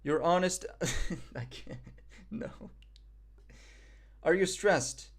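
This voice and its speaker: Young Moroccan streamer, man, slightly high voice, loose self-deprecating banter. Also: very slow. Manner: joking, self-mocking banter. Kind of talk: casual live-stream chat.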